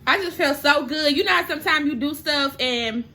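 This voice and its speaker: Young woman, bright, chatty storyteller, faint room hiss behind. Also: sits high, brisk. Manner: chatty, emotional, tearing up at times. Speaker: makeup vlogger. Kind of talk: casual storytime chat while doing makeup.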